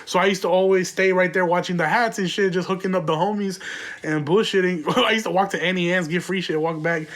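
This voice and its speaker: A man's voice: high voice, fairly even intonation, a little fast, fairly bright tone. A young man hosting a podcast, telling a profane, rambling story in a casual way and laughing often. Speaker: podcast host.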